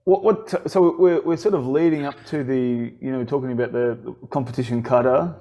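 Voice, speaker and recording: A man's voice: medium pitch, fairly quick. Chatty Australian man hosting. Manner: rambling, animated storyteller with many restarts. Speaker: podcast host. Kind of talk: casual chat.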